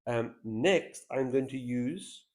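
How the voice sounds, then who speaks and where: A man's voice: medium pitch, takes it slowly. A man hosting a solo board game stream, thinking aloud as he weighs each move in casual commentary on a headset mic. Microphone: headset mic with a straw-like boom.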